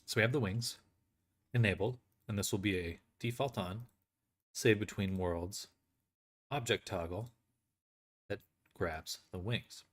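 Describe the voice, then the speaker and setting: A man's voice: on the low side, moderate pace, fairly bright tone. A man giving a casual screen tutorial on building an avatar, thinking aloud and correcting himself as he works. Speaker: avatar creator.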